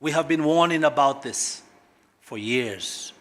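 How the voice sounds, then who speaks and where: This middle-aged government official gives the keynote at a corporate launch, and his delivery is forceful. Pitch and volume rise and fall sharply, broken up by dramatic pauses.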